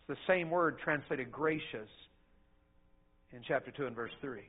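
A middle-aged man, preaching a sermon in a folksy storytelling way that swings between loud and soft. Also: on the high side, normal speed, husky. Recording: phone-like narrow sound.

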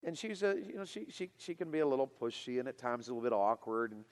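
Pastor type, storytelling sermon to a youth crowd, lively and builds to loud excitement. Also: male voice, medium pitch, quick pace, long reverb tail.

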